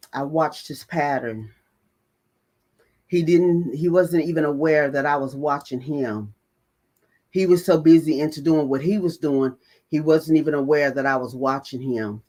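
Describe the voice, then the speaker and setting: A woman hosting a mental health talk channel, telling her own story to her audience and stressing key points by repeating them. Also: sits low. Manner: emphatic, repeats key phrases for weight. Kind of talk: personal storytelling to an online audience.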